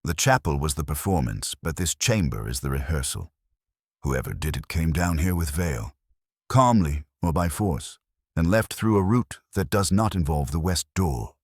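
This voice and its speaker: A man with a very deep, husky voice playing a calm, incisive aristocratic detective who speaks with quiet precision. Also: no room sound, clean studio sound, heavily acted.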